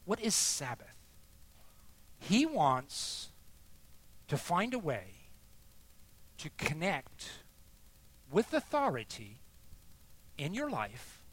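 A man preaching a sermon, expressive and emphatic, dropping soft and then rising for emphasis. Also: on the high side, breathy edge.

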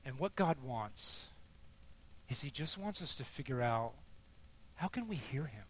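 A middle-aged man tells a personal faith story in the manner of a sermon, his voice sitting at an ordinary pitch. He drops to near-hushed tones at tender moments and rises into loud, emphatic bursts when the story peaks. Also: sing-song, unhurried, slight background noise. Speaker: speaker sharing testimony. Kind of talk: sermon-style personal testimony.

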